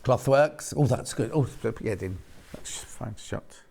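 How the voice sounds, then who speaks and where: A man's voice: mid-range voice, takes it slowly, vocal fry, darkish tone. A man presenting fabrics on a live home-shopping show, chatting and rambling between asides as he reads out prices. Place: TV studio.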